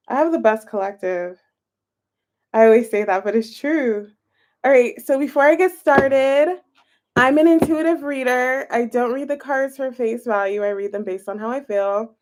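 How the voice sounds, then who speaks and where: A woman's voice: on the high side, measured pace. Chatty young woman doing a live tarot reading. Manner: chatty and animated, reads chat aloud, thinks aloud over cards. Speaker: tarot reader streaming live. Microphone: phone camera close up.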